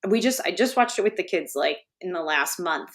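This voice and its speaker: A middle-aged woman, co-hosting a casual livestream chat and telling family stories with lively laughter. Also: on the low side, a little fast, a little hiss or hum. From Wisconsin. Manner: storytelling, animated, laughs at her own stories. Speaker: co-host.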